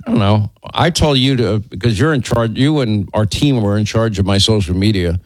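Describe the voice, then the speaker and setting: A man hosting a political commentary show, talking in a sardonic, rambling way with quick asides. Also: lowish voice, dry recording. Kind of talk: casual opinion commentary.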